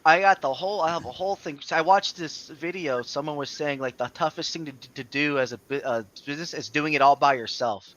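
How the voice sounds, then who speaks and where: A man talks casually and profanely, his fairly high, bright voice jumping higher when he retells his own outbursts. The sound is muffled and lo-fi, like a budget stream setup. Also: a little fast, hardly any pauses. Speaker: streamer and small business owner. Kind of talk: casual chat.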